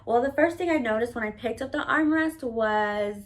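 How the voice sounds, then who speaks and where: A woman's voice: fairly high pitch, normal speed. A woman vlogger telling a personal story in a casual, candid monologue. She swears freely and fills her talk with "like.". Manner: candid and profane, with many "like" fillers.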